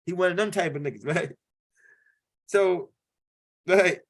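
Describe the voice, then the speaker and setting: A high-pitched man from tells a loose, rambling stand-up story. He circles back, repeats lines and keeps asking "right?" as he talks. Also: measured pace, pauses often. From Louisiana. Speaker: comedian.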